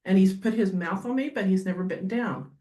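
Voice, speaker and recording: A woman guest on a podcast talking as a dog behaviorist, animated and quick to act out little scenes. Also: mid-range voice. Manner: animated, acts out dogs and owners in quick asides. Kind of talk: podcast interview conversation. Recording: roomy echo.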